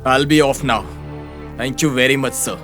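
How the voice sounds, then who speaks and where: A man's voice: medium pitch, normal speed, over loud music, lightly acted. A man voicing a fed-up office worker in a dubbed film, grumbling and easily confused. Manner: grumbling, bewildered. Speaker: office employee turned hired agent.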